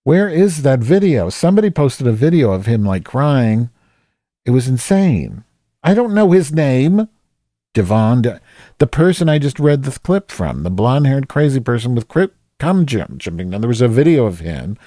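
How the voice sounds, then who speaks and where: A man's voice: mid-range voice, big pitch swings, moderate pace, warm tone, dry recording, studio quality. A man hosting a podcast, rambling casually with lots of swearing and self-deprecating asides. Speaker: podcast host.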